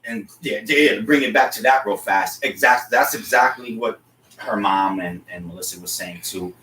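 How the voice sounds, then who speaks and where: A man and father co-hosting a casual talk show, thinking out loud in a relaxed and reflective way about parenting. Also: lowish voice, normal speed. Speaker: podcast co-host, father. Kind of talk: casual chat. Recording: roomy, distant mic with faint noise.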